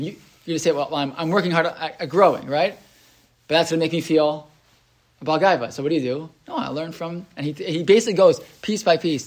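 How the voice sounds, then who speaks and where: A man teaching a Torah class, talking casually with many restarts and translating Hebrew texts as he goes. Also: fairly high pitch. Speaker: yeshiva teacher. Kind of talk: Torah class with source sheet.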